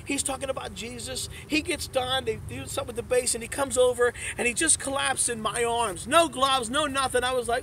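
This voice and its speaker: A man with a very high, bright voice preaches to a youth group, swinging through a story with animated, emphatic delivery. He sounds a little distant from the mic, with faint background noise. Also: a little fast. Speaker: youth pastor. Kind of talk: sermon. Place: youth event.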